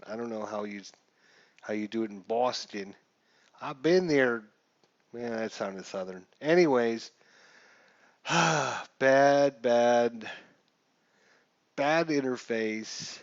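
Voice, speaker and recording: Man, casual game commentary, unhurried, thinks aloud; muffled lo-fi sound. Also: on the low side, dry recording. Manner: chatty, thinks aloud, mutters rules while rolling. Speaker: gamer playing a baseball sim.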